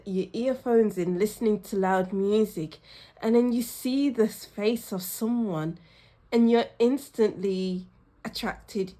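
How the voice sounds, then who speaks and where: A woman giving a pick-a-card tarot reading, speaking emotionally and effusively straight to her viewers. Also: mid-range voice. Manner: effusive and emotional, often laughing and sighing; talks straight to the viewer, warm and reassuring. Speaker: tarot reader.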